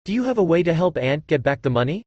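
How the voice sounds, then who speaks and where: A man's voice: a little high, very animated, fast, a little mellow, no room sound, lo-fi sound. Man reading as a pompous young rich guy. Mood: mocking. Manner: pompous and mocking.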